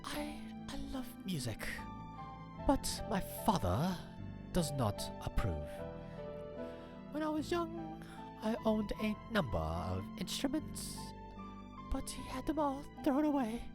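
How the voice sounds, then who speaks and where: Picture a haughty young male bird noble from a dating game, stiff and formal, sighing between proud pronouncements, as a woman streamer puts him on. His voice sits high in a breathy half-whisper that swoops a great deal, with slow, deliberate delivery. Music plays clearly under him. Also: wildly swooping pitch, exaggerated voice. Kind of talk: reading a game aloud on stream.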